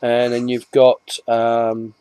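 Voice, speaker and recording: A man's voice: medium pitch, completely flat delivery, slow, mellow, clean tone, no room sound. Chatty English man rambling to camera. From England. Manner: rambling, chatty, restarts often, self-mocking asides. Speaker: comic collector vlogger. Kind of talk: casual chat to camera.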